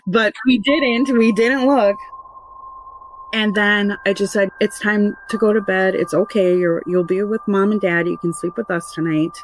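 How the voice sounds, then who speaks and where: A woman's voice: medium pitch, a little hiss or hum, poor audio. A woman casually recounting a frightening family experience, rambling and conversational with many restarts. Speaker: mother telling a true paranormal story. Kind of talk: casual spoken recollection.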